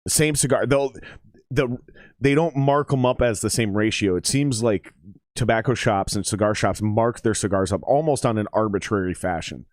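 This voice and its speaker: A man's voice: fairly low pitch, moderate pace, no echo. Rambling, profane man on a dry close mic. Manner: rambling, profane, with many fillers. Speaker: streamer commenting on a game. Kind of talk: casual livestream chat and commentary.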